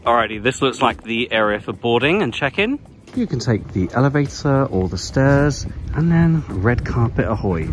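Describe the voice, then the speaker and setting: A man hosting a casual travel vlog, chatty and enthusiastic, often dropping to a whisper. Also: mid-range voice. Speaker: travel vlogger. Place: walking outdoors and aboard a moored ship.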